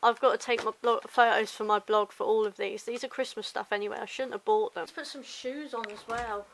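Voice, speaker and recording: A woman's voice: fairly high pitch, fairly even intonation, fairly quick, slight background noise, poor audio. A young English woman from Hampshire with a slight London twang, chatting casually and rambling through a daily vlog on a compact camera. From Hampshire, England. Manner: chatty, rambling, self-mocking asides. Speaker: vlogger. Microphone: compact camera mic.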